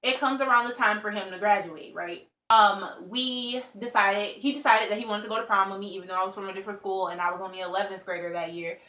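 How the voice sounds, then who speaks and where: A woman's voice: medium pitch, steady tone, quick pace, sharp tone. A young woman vlogger telling a casual storytime, chatty and full of "like" and "you know". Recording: roomy echo.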